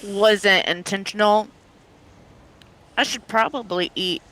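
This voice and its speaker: A tabletop player with a bright voice, talking in a dry, laid-back way during play and asking about the rules. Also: mid-range voice, takes it slowly, poor audio. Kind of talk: casual chat in a tabletop game.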